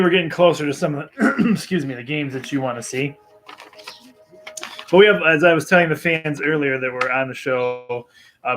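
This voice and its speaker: A man hosting a live-streamed baseball picks show, talking in a relaxed way with lots of ums and chuckles. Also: mid-range voice. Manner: relaxed, filler-heavy, chuckling. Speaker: host.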